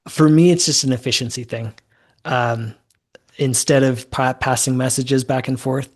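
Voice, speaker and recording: Man, easygoing, rambling, filler-heavy, podcast guest, middle pitch. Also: fairly even intonation, moderate pace. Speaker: guest, mortgage note investor. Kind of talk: conversational podcast interview.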